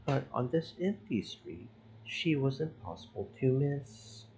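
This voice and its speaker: A man streaming a game, reading its story text aloud in slow, measured narration. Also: mid-range voice, big pitch swings, dark tone, a little hiss or hum, rough recording.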